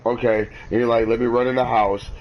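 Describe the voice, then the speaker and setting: A man's voice: mid-range voice, little pitch movement, fairly quick, highs cut off. Slangy man asking probing questions. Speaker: listener. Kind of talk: casual chat.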